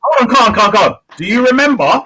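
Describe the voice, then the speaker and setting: A man with a high, husky voice keeps cutting in to an online debate. He is excitable and pushy, breaking into others' points to make his own. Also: fairly quick, poor audio.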